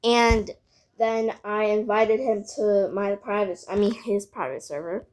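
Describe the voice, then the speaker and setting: A woman's voice: medium pitch, steady tone, a little slow, a little mellow, slight background noise. A female voice telling a casual storytime vlog, rambling with lots of "like" and side remarks. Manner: rambling, filled with "like", frequent asides.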